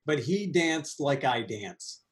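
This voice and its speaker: A man co-hosting a casual movie review chat, animated and laughing, with quick asides. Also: fairly high pitch. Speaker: podcast co-host.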